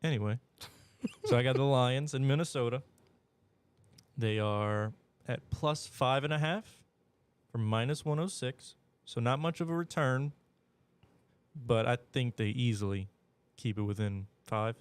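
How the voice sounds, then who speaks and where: A man's voice: mid-range voice, measured pace, long pauses, smooth, dry recording. Laid-back guy cohosting a sports betting show, dry jokes, dead dry studio mic. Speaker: podcast co-host. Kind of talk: casual sports betting chat. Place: radio studio.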